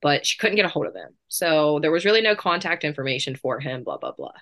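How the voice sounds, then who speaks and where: A woman's voice: deep voice, sing-song, fairly bright tone. Chatty woman telling a story. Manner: chatty, fast bursts, lots of fillers. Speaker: interview guest. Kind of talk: casual storytelling interview.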